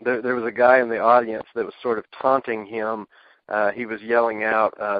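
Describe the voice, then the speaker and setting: A man, a ring announcer, guesting on a radio talk show, telling anecdotes in a halting way with many restarts. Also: fairly low pitch, little pitch movement, no echo, lo-fi sound. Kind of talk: casual radio interview, storytelling.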